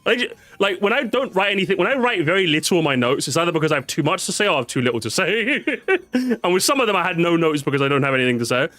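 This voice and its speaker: A man's voice: on the high side, animated, racing, sharp tone, dry recording, faint music behind. A tired man chatting casually on a live stream, repeating words, swearing and reacting to his chat.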